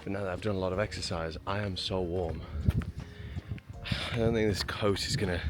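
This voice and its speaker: A man with a low voice and fairly even intonation talks a little fast over background noise. He's a travel vlogger filming a walking vlog, chatting to his camera as he heads up a hillside trail and road toward a shrine, poking fun at himself and out of breath from the climb.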